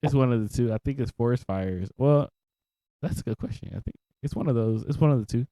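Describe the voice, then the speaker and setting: A man co-hosting a casual podcast, relaxed and quick to laugh, with a mid-range voice. He sounds close to the mic in a dry, dead room with no echo. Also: medium pitch. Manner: laid-back, laughing, swearing casually. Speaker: podcast co-host. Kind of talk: casual chat.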